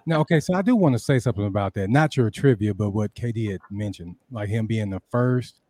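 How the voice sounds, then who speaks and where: A man's voice: fairly low pitch, brisk, mellow, dry recording. A man on a casual podcast, earnestly pressing his point and stumbling over his words when interrupted.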